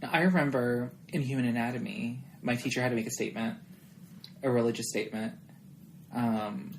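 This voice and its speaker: A blunt woman with a very low voice, co-hosting a podcast in casual chat and swearing freely. Faint hiss sits under the recording. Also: fairly even intonation, a little fast, low-quality recording. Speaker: podcast co-host.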